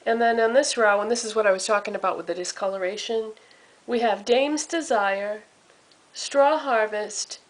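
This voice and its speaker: A woman's voice: medium pitch, moderate pace. A woman beauty vlogger talking casually to her camera, listing product names one by one in a chatty way. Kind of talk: casual makeup vlog. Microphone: camera mic.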